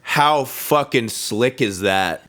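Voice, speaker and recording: A man's voice: medium pitch, animated, slow pace. A man hosting a music reaction, explaining chords and theory in a casual, enthusiastic, profane way. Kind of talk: casual music analysis over a playing track. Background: loud rock song playing.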